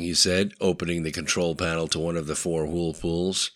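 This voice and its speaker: A man narrating a thriller audiobook in a steady, measured way. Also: low voice, dry recording, clean studio sound.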